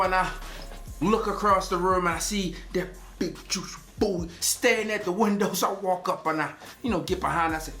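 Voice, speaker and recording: A man's voice: high voice, sharp tone. A man casually reviewing a fragrance on his vlog, joking and rambling through stories as he talks. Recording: roomy echo.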